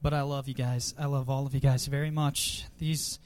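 A man's voice: mid-range voice, flat delivery, normal speed, a little mellow, clear, resonant tone. Choked-up man giving a farewell tribute. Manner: emotional, laughs nervously, repeats phrases. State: choked up with emotion. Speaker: youth pastor. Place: church gathering.

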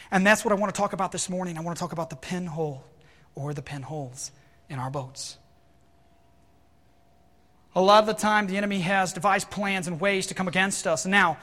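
A man preaching a sermon to his congregation, animated and acting out worried inner voices. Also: fairly high pitch, fairly quick, long pauses, in a large hall. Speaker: pastor.

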